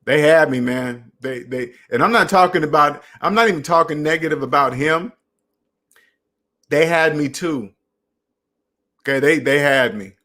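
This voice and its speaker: A man's voice: fairly high pitch, moderate pace, pauses often, sharp tone. A young adult man hosting a casual personal finance live stream, talking straight to viewers and repeating phrases for emphasis.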